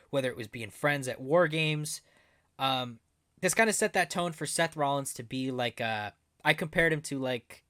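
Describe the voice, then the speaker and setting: A man co-hosting a wrestling podcast in casual chat, animated and laughing often. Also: medium pitch, no echo, studio quality. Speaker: podcast co-host.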